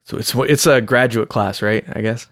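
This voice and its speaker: This podcast co-host chats casually and reads out segments in a joking, self-deprecating way. His mid-range voice is a bit bright, with fairly even intonation and a moderate pace, captured in a dry, clean studio recording.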